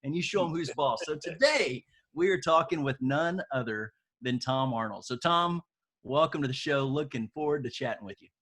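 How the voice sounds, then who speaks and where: A man co-hosting an interview who introduces the guest haltingly and often repeats words. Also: a little high, a bit bright, breathy edge. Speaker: co-host.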